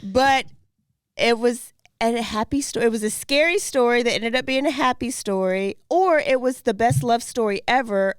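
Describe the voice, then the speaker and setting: A woman co-hosting a true-crime podcast, chatting casually, quick to laugh and quoting people with drama. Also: on the high side, smooth, dry recording, studio quality. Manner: animated, laughs often, quotes people dramatically. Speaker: podcast co-host.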